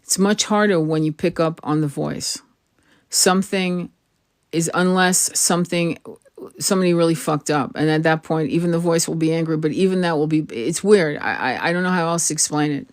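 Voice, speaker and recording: A woman's voice: sits low, moderate pace, no echo, clean studio sound. Frank woman giving spiritual advice. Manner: earnest, frank, swears casually, repeats and restarts phrases. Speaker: tarot reader.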